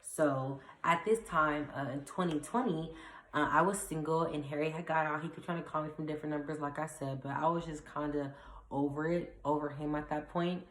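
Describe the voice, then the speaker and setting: A young woman with a low, bright-edged voice tells a personal story in a loose, chatty way, acting out what people said. Her voice carries a noticeable echo from the room she records in. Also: fairly quick. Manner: chatty, animated retelling with fillers and acted-out quotes. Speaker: vlogger. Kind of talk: casual storytime. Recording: echoey room.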